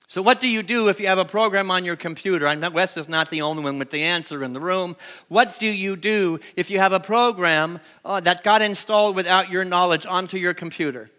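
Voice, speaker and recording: A man preaching a sermon to a live congregation, animated, asking the room to repeat lines after him, recorded on a stage microphone in a church sanctuary. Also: high voice, brisk. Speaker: pastor.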